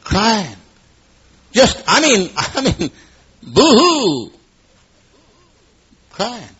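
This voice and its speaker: A man in his fifties preaches with a deeply husky, raspy voice. He swings from hushed, near-whispered asides to loud, rising exclamations. The recording sounds dull and lo-fi. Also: big pitch swings, very slow. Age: 50s. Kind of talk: sermon. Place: room at an evening gathering.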